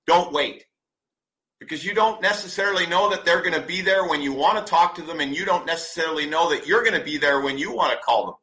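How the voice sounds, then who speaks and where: A man in his forties preaches self-love with a tense, forceful edge. His voice sits a little higher than most men's. He talks bluntly, swears freely and hammers home his points by repeating them. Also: quick pace, low-quality recording. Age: 40s. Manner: emphatic, blunt, swears often; preachy, repeats commands for stress. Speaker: podcast host. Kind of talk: motivational monologue.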